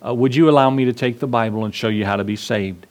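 A man's voice: mid-range voice, fast talker, darkish tone. A man preaching a sermon as pastor, earnest, acting out the voices in his stories. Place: church.

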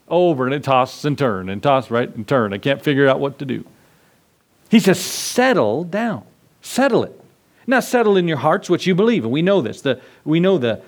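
A male pastor delivering a sermon to his congregation in a conversational way, often asking questions and answering them himself. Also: fairly high pitch.

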